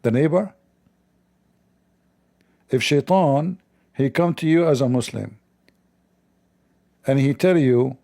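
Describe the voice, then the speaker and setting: Male livestream host, gravelly and dark, sarcastic and mocking, non-native English delivery. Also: on the high side, lively intonation, slow pace, pauses often. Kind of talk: livestreamed commentary.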